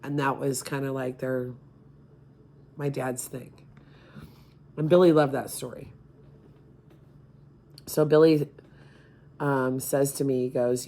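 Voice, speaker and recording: A middle-aged woman speaking as a grieving mother, emotional and halting, near tears at times. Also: very deep voice, steady tone, dark tone. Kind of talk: personal appeal to camera.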